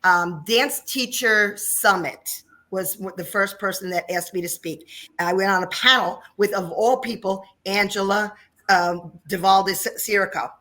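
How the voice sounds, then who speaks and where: A chatty New Jersey dance studio owner in her fifties tells stories and laughs often in a casual interview chat. Her mid-range voice is fairly bright and measured in pace.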